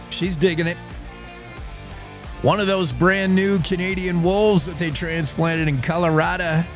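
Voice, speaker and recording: A man hosting a morning radio show, rambling and joking as he tells a story. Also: fairly high pitch. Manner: jokey, rambling, plays a wolf in first person. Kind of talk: casual talk radio monologue.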